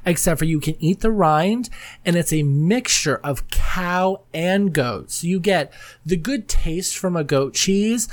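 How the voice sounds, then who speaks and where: A woman's voice: on the low side, expressive, takes it slowly. A woman hosting her own podcast in casual solo chat, rambling candidly and often laughing mid-sentence. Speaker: podcast host.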